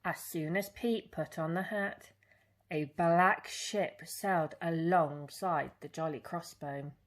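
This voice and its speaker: A woman reading a children's picture book aloud in an expressive storytelling way. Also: fairly low pitch, slow pace.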